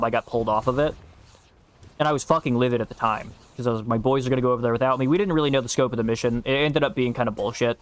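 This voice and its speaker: A man streaming a game and chatting casually, telling stories in a blunt, profane way. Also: mid-range voice. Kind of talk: casual chat while gaming.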